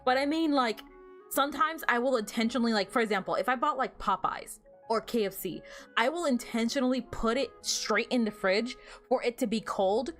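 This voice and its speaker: A woman's voice: on the high side, fairly quick, faint music behind. A young woman streaming a game, chatting casually and giggling, with lots of fillers as she rambles. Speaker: VTuber streamer. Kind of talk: casual gameplay stream chat.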